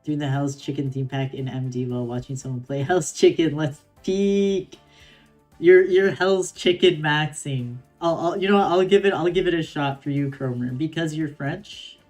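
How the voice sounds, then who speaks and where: A woman's voice: low voice, moderate pace, darkish tone, soft background music. A woman streamer reading a game story aloud on stream, reacting with playful giggles.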